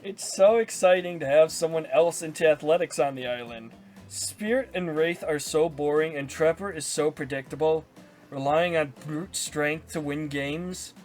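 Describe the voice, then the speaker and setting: A man's voice: a little high, normal speed, darkish tone, faint music behind, pitched below the performer's own voice, close to an everyday voice. A man voicing an eager, sporty female huntress who is boastful and enthusiastic.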